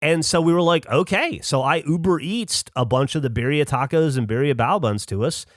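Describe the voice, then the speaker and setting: A podcast host casually spins a long anecdote in a casual storytelling chat, raising his voice to act out the people he quotes. His voice sits on the high side and moves a little fast, with studio-quality sound and no room sound.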